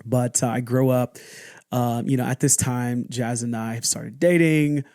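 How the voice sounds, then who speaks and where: A young adult man hosting a podcast, telling a personal story in a candid, halting way, often restarting and acting out what people said. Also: medium pitch, fairly even intonation, a little mellow, dry recording, studio quality. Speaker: podcast host.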